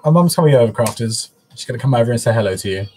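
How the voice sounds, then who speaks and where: A man's voice: mid-range voice, expressive, very fast, darkish tone, slight background noise. A man hosting a casual craft livestream from home, talking openly and emotionally to his viewers. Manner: openly emotional, soppy, chatty. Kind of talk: casual live-stream chat. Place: at home, in a living room.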